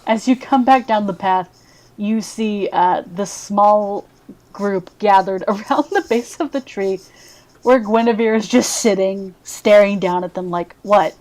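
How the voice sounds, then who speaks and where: A woman narrating as game master of a tabletop role-playing game, giggly and lively. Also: mid-range voice, unhurried, low-quality recording.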